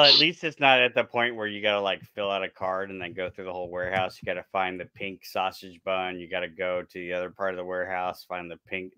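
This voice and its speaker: A sarcastic man on a panel podcast, his low voice bright and forceful as he rambles through fillers. The sound is close and dry. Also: clean tone, dry recording. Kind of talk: casual chat.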